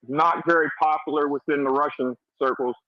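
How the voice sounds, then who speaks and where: A man's voice: on the high side, steady tone, a little fast, no echo. An American man joining a live audio chat as a regular listener, upbeat and earnest. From United States. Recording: dull lo-fi audio.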